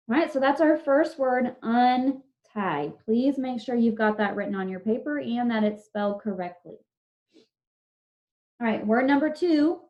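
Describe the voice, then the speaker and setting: A woman teacher giving an online spelling lesson over a video call, dictating words slowly and drawn out, patient and encouraging with her class. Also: fairly high pitch. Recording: dull lo-fi video call audio.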